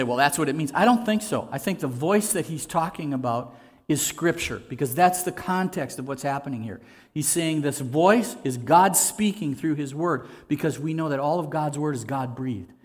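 A man's voice: fairly high pitch, normal speed. A man preaching a sermon in an earnest, conversational way, asking his listeners rhetorical questions. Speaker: pastor.

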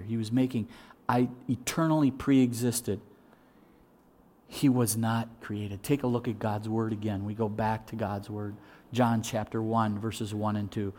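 A male pastor preaching a sermon in an animated way, acting out voices and repeating words as he restarts. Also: on the low side.

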